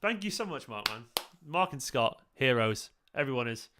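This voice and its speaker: A man's voice: mid-range voice, very animated, normal speed, background noise. A man streaming a football watchalong, casually thanking viewers by name and swearing freely between comments on the match, sounding tired and emotional.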